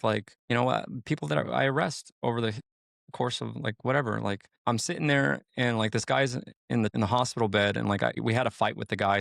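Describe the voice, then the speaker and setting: A man's voice: medium pitch, creaky, fairly bright tone, no echo, studio quality. A man, a sheriff's deputy, talking in a casual podcast chat, rambling with lots of "like" and "you know" and swearing freely.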